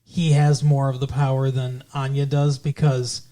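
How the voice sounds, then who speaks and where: A podcast co-host in casual chat about a TV show, joking, swearing and retelling scenes in quick quoted lines. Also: mid-range voice, flat delivery, mellow.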